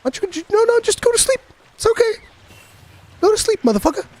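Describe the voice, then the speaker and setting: A man doing an impression of a mocking older man who taunts gleefully in a high, drawn-out voice. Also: big pitch swings, darkish tone. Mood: taunting.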